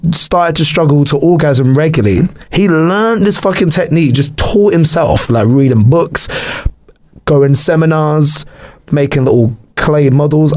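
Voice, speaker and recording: Guy on a podcast, kinda high voice, rambly and crude, laughs a lot. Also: darkish tone. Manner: rambling, crude, jokey storytelling. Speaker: podcast co-host. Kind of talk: casual chat.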